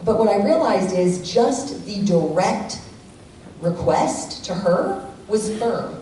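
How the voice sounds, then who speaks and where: A middle-aged woman giving a community workshop talk in a church hall, telling lively personal stories and acting out what her family members say. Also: medium pitch, slow. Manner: animated storyteller who acts out quoted family members. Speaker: workshop presenter. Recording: echoey hall from far off, faint room noise.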